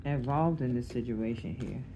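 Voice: medium pitch, normal speed, lo-fi sound, noisy background. A tarot reader doing a casual reading to camera, blunt and streetwise, swearing freely and checking in with the listener. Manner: checks in with the listener, repeating "okay?".

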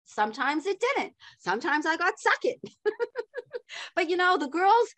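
An older woman, a podcast guest, telling a story in an animated way with frequent laughs and acted-out dialogue. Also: very high-pitched, moderate pace, no room sound. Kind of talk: storytelling interview.

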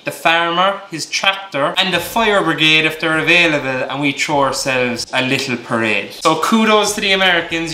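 A man's voice: on the high side, bright, forceful tone. An Irish man from Ireland hosting his vlog, rambling and joking in a self-mocking way. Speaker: vlogger host. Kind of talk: casual comedic vlog monologue. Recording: echoey room, faint music.

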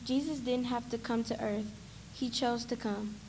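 A woman calmly giving a short devotional explanation. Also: a little high, normal speed, a little hiss or hum.

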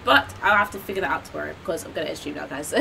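Excitable young woman streaming a game, noisy. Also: fairly low pitch, fast talker, creaky. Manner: excitable, gasping and shouting at surprises. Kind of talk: live gameplay commentary.

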